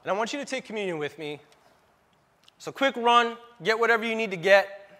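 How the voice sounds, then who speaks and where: Preaching a sermon, this pastor tells stories earnestly and emotionally, laughing along the way. He speaks briskly in a high, pushed, bright voice with lively intonation.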